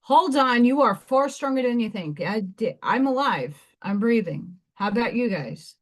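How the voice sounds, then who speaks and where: A hoarse woman with a New York accent and a slightly high voice. She talks in an excitable, chatty way between oracle-card readings and reads the affirmations aloud on a live stream. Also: normal speed. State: hoarse, voice weakened.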